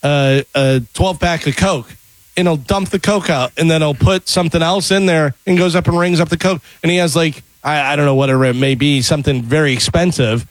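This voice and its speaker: A man co-hosting a radio talk show, telling stories in a lively way and acting out what people said. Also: on the high side, a little fast, no room sound. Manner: animated storyteller, acts out quotes. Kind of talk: casual radio chat.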